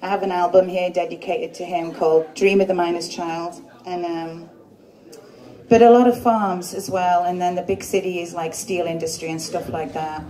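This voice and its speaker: A woman's voice: fairly low pitch, fairly even intonation, normal speed. A woman with a Yorkshire accent, a folk singer chatting and joking with the crowd between songs at a live club show. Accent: Yorkshire English. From Yorkshire, England. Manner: chatty, joking, self-deprecating. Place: stage of a music club. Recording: echoey live club with loud guitar.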